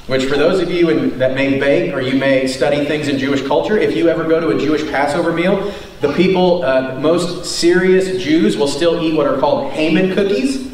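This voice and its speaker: Pastor, male, conversational sermon with frequent tag questions; a touch higher than usual; distant mic in a booming, echoey hall. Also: a little mellow, slight background noise. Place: church hall.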